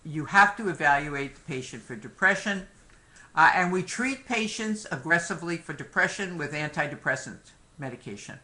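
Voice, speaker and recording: At normal speed, his slightly high voice comes across animated, pushed and bright. Running a live online review lecture for a medical exam, he chats with students, jokes sometimes, and often slips in "okay" and "my friends."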